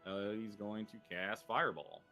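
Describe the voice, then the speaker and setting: A man's voice: lowish voice, moderate pace, sharp tone, soft background music. A man narrating as game master, rambling loosely with frequent ums and chuckles.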